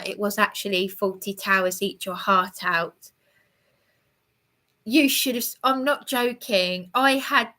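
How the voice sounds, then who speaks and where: Bright-voiced woman rambling to her viewers. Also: medium pitch. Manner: halting, many restarts, answers viewer comments. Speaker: livestreamer. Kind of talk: rambling live chat to viewers. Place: hotel room.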